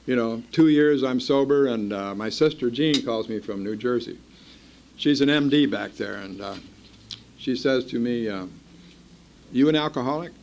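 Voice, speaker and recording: A man's voice: medium pitch, darkish tone, a little hiss or hum. An older man from Iowa telling his own story to a meeting in a blunt, wry, self-mocking way. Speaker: speaker at a recovery meeting. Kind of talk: personal storytelling talk.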